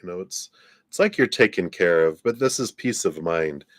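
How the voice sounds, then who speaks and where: A man with a low voice reads tarot cards on a live stream, easygoing and chatty. He laughs often and trails off mid-thought. The sound is dry and close to the mic. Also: animated, normal speed, no echo. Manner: laid-back, laughs often, trails off and restarts. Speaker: tarot reader.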